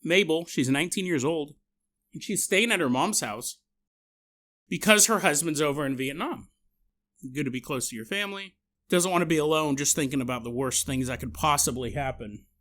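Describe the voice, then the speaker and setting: A man hosting a podcast, telling a story in a casual, animated, jokey way and acting out the sound effects and the quotes himself. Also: a little high, moderate pace. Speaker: podcast host.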